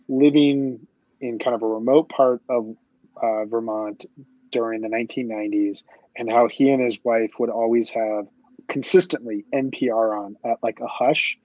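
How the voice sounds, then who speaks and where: Husky-voiced man chatting loosely. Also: mid-range voice, a little mellow, dry recording, dull audio. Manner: rambling, many restarts and "like" fillers. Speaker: podcast host. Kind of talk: casual chat.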